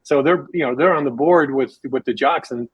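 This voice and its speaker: Husky, dry-sounding interviewer man. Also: mid-range voice, no room sound, dull audio. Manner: chatty, quick affirmations. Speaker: interviewer, fellow radio veteran. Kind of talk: casual interview chat.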